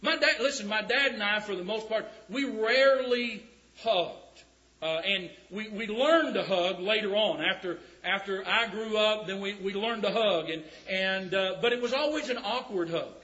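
A man preaching a sermon, reading scripture slowly and emphatically with folksy asides. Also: high voice, pushed and bright. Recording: dull lo-fi recording.

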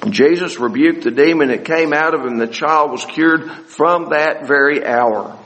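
A man preaching a Bible study sermon, often halting and repeating words as he searches for the next phrase. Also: fairly high pitch, a bit bright, in a large hall, rough recording.

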